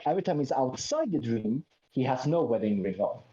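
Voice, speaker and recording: Casual co-host, a man with a warm, relaxed tone; insistent explainer; muffled low-fi mic. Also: brisk. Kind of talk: casual chat. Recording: dull lo-fi mic.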